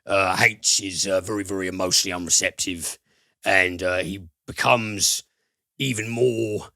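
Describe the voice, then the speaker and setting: Man, very low voice, bright and forceful tone, dry close sound, casual film podcast chat, halting with lots of fillers. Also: fairly even intonation, gravelly, no room sound. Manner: hesitant, filler-heavy plot retelling with casual swearing. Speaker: podcast host, film reviewer.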